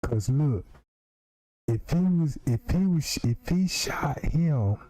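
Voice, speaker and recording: A man's voice: on the high side, animated, slow, mellow, no echo, low-quality recording. A man giving emphatic casual commentary on a video, repeating himself to point things out. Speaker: streamer commenting on footage.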